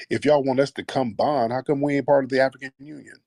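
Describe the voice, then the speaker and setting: A man's voice: mid-range voice, steady tone, fast talker, creaky, darkish tone, no room sound. A man hosting a call-in livestream. He talks in a combative, profane and emphatic way. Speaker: talk show host.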